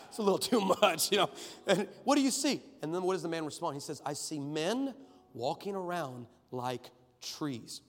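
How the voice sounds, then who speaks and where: A man preaching a sermon, telling Bible stories in an animated way with comic asides. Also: on the high side. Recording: long hall reverb.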